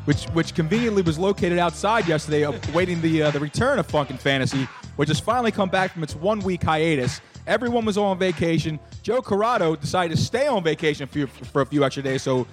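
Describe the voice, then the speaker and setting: Fast-talking man hosting a podcast. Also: fairly high pitch, animated, soft background music. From Philadelphia. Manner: rambling, repeats words, trails off with fillers. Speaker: podcast host. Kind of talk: casual sports chat. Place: bar.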